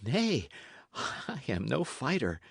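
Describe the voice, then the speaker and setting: A man voicing a timid, gentle young runaway who pleads softly and anxiously in an old-fashioned storybook tale. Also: medium pitch, huge pitch swings, takes it slowly, vocal fry, breathy edge, dry recording, clean studio sound, pitched above the performer's own voice, exaggerated voice. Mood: pleading. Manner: soft, anxious, imploring.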